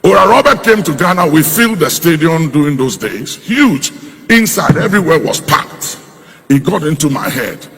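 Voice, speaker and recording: A man preaching with a raspy, gravelly voice and a bright, sharp edge, recounting a story from the pulpit. His voice rings through a large hall with a long echo. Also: fairly high pitch, big pitch swings, moderate pace. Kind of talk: sermon testimony. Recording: reverberant hall.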